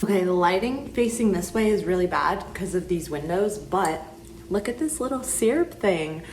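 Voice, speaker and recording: Woman, casual daily vlog, chatty, filler-heavy, slightly low voice, audible background noise. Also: animated, normal speed, a little mellow, low-quality recording. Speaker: vlogger.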